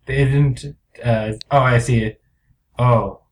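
A young man co-hosting a comedy podcast, chatting casually with sarcastic, deadpan asides. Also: medium pitch, slow, a little hiss or hum. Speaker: podcast co-host.

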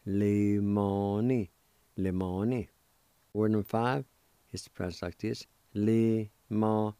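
A male radio host giving a vocabulary lesson, spelling and repeating each word deliberately. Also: fairly low pitch, warm tone, no echo. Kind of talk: slow spoken language lesson.

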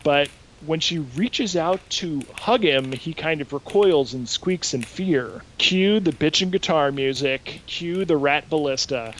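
A man hosting a podcast, casually recapping a show in an animated way and swearing freely. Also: on the high side, unhurried, slight background noise, low-quality recording. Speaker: podcast host. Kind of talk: casual chat, recapping an episode.

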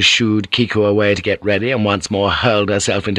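A man reading an audiobook novel aloud in a measured, expressive narration. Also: on the low side, no echo.

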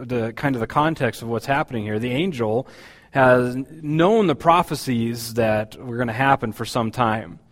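A man's voice: medium pitch, in a large hall. A man preaching a sermon as pastor, talking in a conversational, hesitant way with many fillers.

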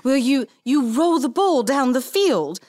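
A woman's voice: high voice, sing-song, darkish tone, voice pushed up. A woman doing a frantic, gushing young lady. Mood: frantic cheerful. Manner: breathless, gushing, quick. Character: frantic, flustered young lady covering a gaffe.

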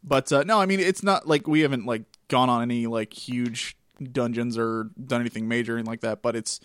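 A man's voice: mid-range voice, a little fast, fairly bright tone, smooth, no room sound, clean studio sound. A man co-hosting a gaming podcast in casual chat, laid-back and talkative, laughing often. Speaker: podcast co-host.

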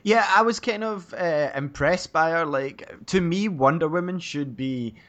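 A man's voice: fairly high pitch, unhurried, fairly bright tone, highs cut off. A Scottish man co-hosting a podcast, chatting casually about films with frequent ums and easy laughter. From Scotland. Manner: hesitant, many ums, laughs easily. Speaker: podcast co-host.

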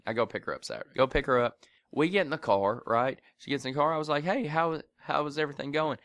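A man's voice: medium pitch, quick pace, no room sound. A middle-aged man co-hosting a casual chat, telling stories with lots of swearing and animation. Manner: profane animated storytelling. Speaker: podcast co-host.

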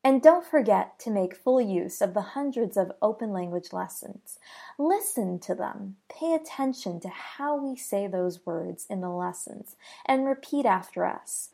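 An American woman teaching pronunciation at an unhurried pace. Her voice sits at a middle pitch, and she says each example word on its own, then repeats it for learners to copy. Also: lively intonation, vocal fry, dark tone. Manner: models words slowly and repeats them for learners. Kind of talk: slow, clear pronunciation lesson.

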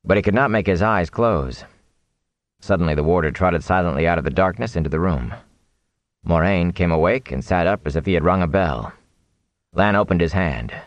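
A man narrating a fantasy audiobook in a steady, measured reading. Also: low voice, no echo, lo-fi sound.

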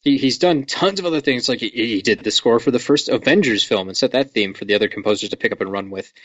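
A man's voice: medium pitch, fast talker, a bit bright, breathy edge, no echo. A man riffs enthusiastically about a film, tossing in jokes and the odd curse. His voice sits in a middle register. The recording is dry and slightly dull, like a home podcast setup. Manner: enthusiastic, profane, jokey. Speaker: podcast co-host. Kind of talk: casual movie commentary chat.

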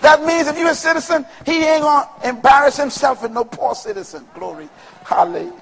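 A man preaching a sermon to a congregation with call-and-response and rhythmic, shouted peaks. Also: extremely high pitch, brisk, vocal fry. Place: large room with congregation. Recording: long reverb of a large hall.

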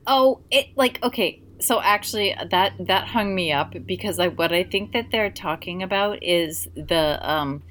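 A woman's voice: medium pitch, measured pace, few pauses, fairly bright tone. A woman chatting casually, rambling and explaining eagerly with lots of filler words. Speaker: co-host. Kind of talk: casual chat.

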